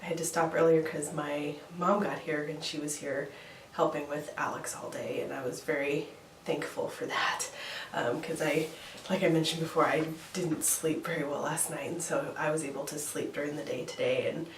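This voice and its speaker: A young woman with a head cold talks casually to her vlog audience, her nasal, congested voice sitting low. She rambles with fillers and small laughs. She is recorded from a distance in a roomy, echoing space with faint ambience behind her. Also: steady tone, normal speed, slight background noise. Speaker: vlogger. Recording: echoey room, voice from far off, faint ambience.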